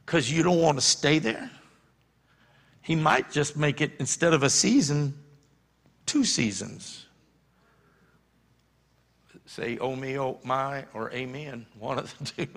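A man's voice: mid-range voice, creaky, fairly bright tone. A middle-aged man preaching a sermon as pastor, telling folksy stories and laughing often. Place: church sanctuary. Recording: long hall reverb.

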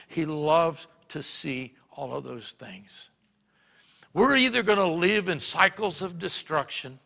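A man preaching a sermon as pastor, telling stories that swing from quiet asides to emphatic points. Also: on the high side, vocal fry, big-room sound. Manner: storytelling, shifts between quiet and emphatic. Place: church sanctuary.

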